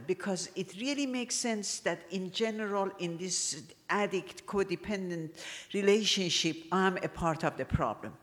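Measured, searching woman in a hall. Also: mid-range voice. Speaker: support group member. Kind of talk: sharing at a support meeting.

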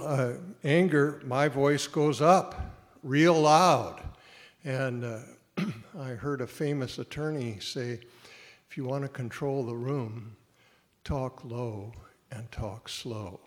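A man sharing earnestly at a support group meeting, halting with many fillers. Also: medium pitch, big-room sound.

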